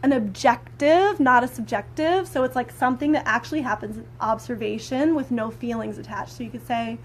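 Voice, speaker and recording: In a fairly high, brisk voice with slight background noise, a woman teaches about communication during a live stream. She's a spiritual teacher and prayer practitioner who rambles with heavy fillers in a conversational way, growing animated as she acts out quoted anger.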